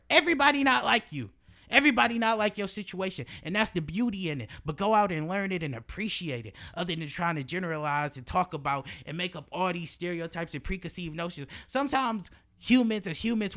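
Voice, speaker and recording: High bright-voiced young man preaching. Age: early 20s. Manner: emphatic, preachy, casual slang and swearing; repeats phrases for emphasis. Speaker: podcast host. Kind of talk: motivational monologue.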